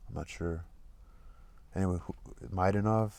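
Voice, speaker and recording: Brief: man with a very low voice, reading literature aloud, stops to re-read and comment, close dry mic. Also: steady tone, moderate pace, pauses often, warm tone, no echo. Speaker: reader of a literary audiobook channel.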